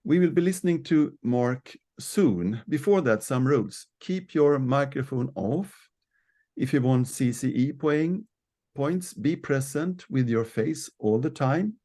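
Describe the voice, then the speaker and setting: A man from Sweden hosts the opening of an online training over a video call. His voice is mellow and mid-pitched, and he speaks in a formal, measured way, as if reading announcements. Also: lively intonation. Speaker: host, board member. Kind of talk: formal event introduction.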